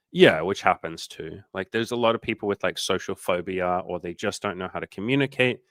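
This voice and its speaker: A man's voice: deep voice, fairly quick, few pauses, no echo. A man talking as a dating coach in a casual livestream chat. He swears freely, speaks candidly, and acts out the people he quotes in exaggerated voices.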